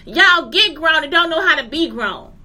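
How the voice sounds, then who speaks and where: A woman's voice: sits high, animated, moderate pace, bright, forceful tone. A woman in her forties, a teacher, delivering a heated, profane rant to her viewers and repeatedly asking if they understand. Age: 40s. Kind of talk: angry rant to camera.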